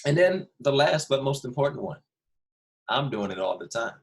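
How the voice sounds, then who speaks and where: A man's voice: mid-range voice, big pitch swings, moderate pace. Upbeat man teaching a kids' class. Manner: upbeat, joking, talks straight to kids by name. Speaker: second grade teacher. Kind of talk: online class lesson.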